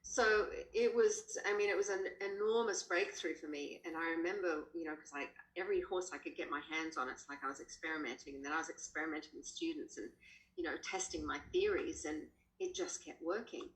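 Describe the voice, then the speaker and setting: A woman with an Australian accent, a horse trainer, telling stories animatedly as a podcast guest. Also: a little fast. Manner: animated, jumps up in pitch when quoting. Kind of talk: casual storytelling in a podcast. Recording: roomy echo.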